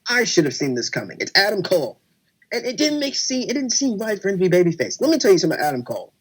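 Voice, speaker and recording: Animated excitable man. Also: high-pitched, rapid-fire, a little hiss or hum. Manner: excitable, reenacts his own reactions. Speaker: podcast co-host. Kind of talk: casual wrestling chat.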